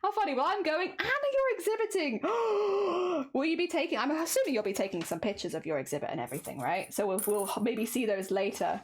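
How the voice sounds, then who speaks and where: A woman's voice: mid-range voice, big pitch swings, fast, few pauses. A woman streaming live, chatting casually and playfully with her chat while she crafts.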